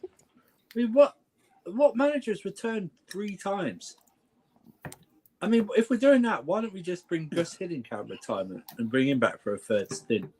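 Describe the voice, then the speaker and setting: A man's voice: on the high side, expressive, brisk, breathy edge. A man on a casual football stream panel, arguing emphatically and repeating himself in exasperation. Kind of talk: heated casual football banter.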